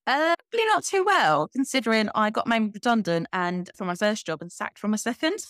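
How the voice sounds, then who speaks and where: Her fairly high voice moves briskly as this woman in her thirties, a coaching guest, chats candidly and energetically on a casual podcast and laughs easily. The audio is studio quality with no echo.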